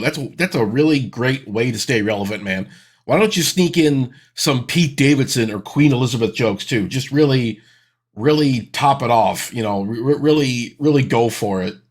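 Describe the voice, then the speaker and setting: A man's voice: mid-range voice, slightly rough. A man in his thirties hosting a reaction video, with sarcastic, exasperated ranting commentary.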